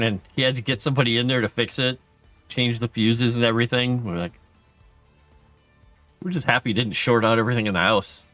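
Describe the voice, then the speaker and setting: A middle-aged man hosting a livestream, chatting casually with his viewers and telling stories from his childhood in a self-deprecating way, with a higher pitch when he acts out what others said. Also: a little fast, fairly bright tone, dry recording, soft background music. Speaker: livestream host. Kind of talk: casual storytelling to chat.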